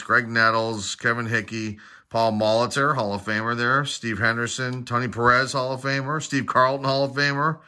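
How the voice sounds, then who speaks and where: A man's voice: lowish voice, bright, forceful tone. A middle-aged man opening packs of baseball cards, reading player names off one by one and adding casual asides. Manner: rattles off player names in a quick list, with asides. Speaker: card collector opening packs. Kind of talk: casual pack-opening commentary.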